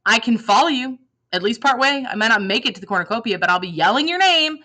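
A woman's voice: fairly high pitch, lively intonation, fast, pushed and bright, voice pushed up. A woman reading a novel aloud, voicing a wounded young man who teases dryly and stubbornly. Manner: dry, teasing.

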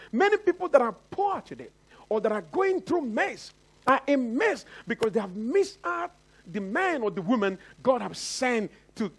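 A pastor from Nigeria preaching a sermon, calling out to the congregation again and again and acting out the voices he quotes. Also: breathy edge. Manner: preaching with repeated call-outs to the congregation; acts out quoted voices with big pitch swings.

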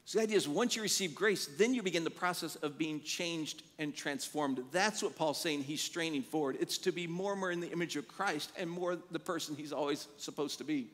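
A man preaching a sermon as pastor, telling animated stories and acting out the quotes in them. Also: a little high, a little fast, few pauses, big-room sound. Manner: animated storytelling with acted-out quotes. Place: church sanctuary.

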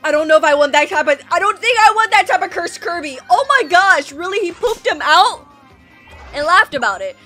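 A woman giving excitable reaction commentary on a video, laughing often and exclaiming at the screen. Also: extremely high pitch, brisk, faint music behind. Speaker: YouTuber reacting to animations.

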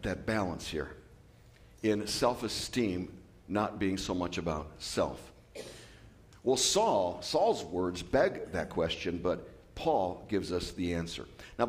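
Guy pastor giving a sermon, voice swings up and down a lot, jokey asides. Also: deep voice. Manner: lively, animated preaching with asides and humor. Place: church.

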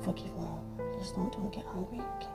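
A man's voice: high voice, a little fast, vocal fry. A man with a Nigerian accent playing a besotted husband who stammers, pleads and dotes on his wife in a Nollywood movie. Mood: soothing. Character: besotted hen-pecked husband, soft and begging. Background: background music.

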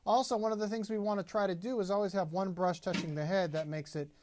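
A man's voice: high-pitched, fairly even intonation, fast, darkish tone, slight background noise. A man teaching a drum lesson, patiently explaining and counting beats aloud as he plays. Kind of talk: instructional demonstration.

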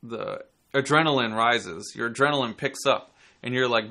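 A man hosting a podcast and giving casual self-defense instruction, relaxed and chatty, sometimes acting out angry people. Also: mid-range voice, moderate pace, gravelly. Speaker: podcast host and martial arts instructor.

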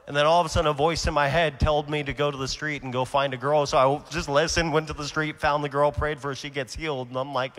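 A fairly high-voiced man preaching at a conference, telling his stories with energy. He drops to a near murmur, then rises to a shout. The sound rings with the long reverb of a large hall. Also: steady tone, quick pace, hardly any pauses. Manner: storytelling, swings from quiet to shouting. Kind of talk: conference sermon.

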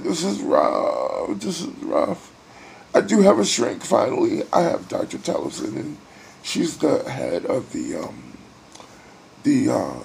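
A middle-aged man in a hospital room, weary and near tears, talking in a personal video diary with sighs and halting pauses. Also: lowish voice, creaky, darkish tone, slight background noise. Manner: emotional, sighing, halting. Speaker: vlogger.

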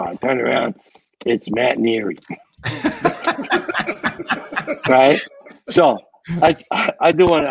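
Gravelly New man telling old stories. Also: mid-range voice, sing-song, measured pace, pauses often, no room sound, rough recording. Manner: rambling, repeats words, tells war stories. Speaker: guest, retired fire captain. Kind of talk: casual storytelling.

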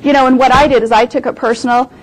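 A middle-aged woman giving a lecture as a guest speaker, telling business stories in an animated way and hammering her points home by repeating them. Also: high voice, fast talker, low-quality recording. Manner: emphatic, repeats points for stress; animated storytelling.

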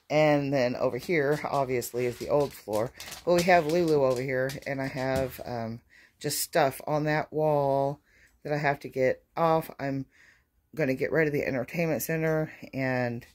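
Brief: woman vlogger, unhurried, meandering talk, lots of "um" and restarts, phone-recorded at home. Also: a bass voice, a little mellow. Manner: rambling, hesitant, many fillers and restarts. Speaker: vlogger caring for her dogs. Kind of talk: casual home vlog chat. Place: inside her home. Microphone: phone camera.

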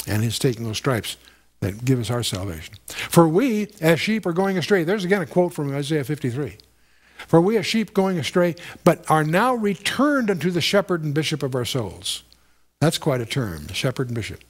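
A man giving a conversational, verse-by-verse Bible teaching, stressing points and repeating phrases, lifting his voice when reading scripture. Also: a little high.

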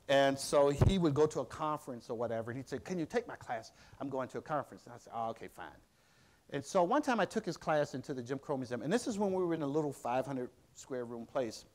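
Brief middle-aged man lecturing, lively pitch that rises and drops to quiet asides, loose and halting storytelling. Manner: conversational, halting with frequent restarts and fillers. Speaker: museum director giving a public lecture.

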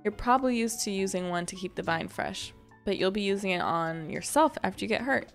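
A woman reading a brisk, teasing villager who shows a newcomer around in a cozy game. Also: mid-range voice, animated, vocal fry, faint music behind.

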